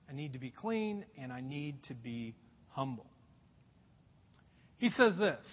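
A pastor preaching a sermon, emphatic, repeating key phrases and dropping his voice low at points. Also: husky. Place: church auditorium. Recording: dull, long-reverb hall recording.

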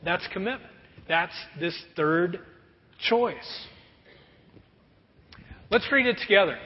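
A pastor preaching a sermon in a conversational, animated way. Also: male voice, high voice, slow pace, long pauses. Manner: animated, conversational, acts out prayers. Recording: dull recording with long hall reverb.

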